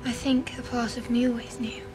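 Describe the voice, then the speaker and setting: An actress as a soft-spoken young noble girl. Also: on the high side, flat delivery, moderate pace, music in the background, lightly acted. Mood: tender. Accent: posh English.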